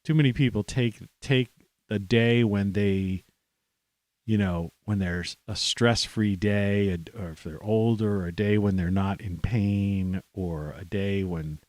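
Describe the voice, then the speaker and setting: A middle-aged American man talks in a loose, meandering monologue, restarting sentences and dropping "you know" everywhere. His voice sits on the low side. The sound is dry and close, with no room around it. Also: steady tone, measured pace, a little mellow, no echo. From United States. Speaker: livestream host. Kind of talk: rambling casual monologue.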